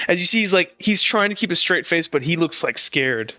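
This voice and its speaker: A man's voice: high voice, animated, bright, forceful tone, dry recording, dull audio. A man running a tabletop game as game master, stammering and laughing as he narrates. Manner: stammering, laughing, quick restarts.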